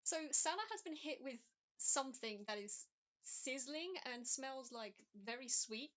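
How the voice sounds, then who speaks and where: Game master, woman, high and bright, lively chatty tabletop narration. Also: unhurried. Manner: animated, chatty, lots of ums.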